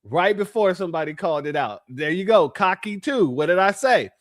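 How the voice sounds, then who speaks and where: A man hosts a livestream, talking to his chat in an emphatic commentary style. His voice sits high for a man, and he drives points home by repeating them. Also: animated, brisk. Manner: emphatic, repeats phrases, addresses chat as family. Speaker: livestream host.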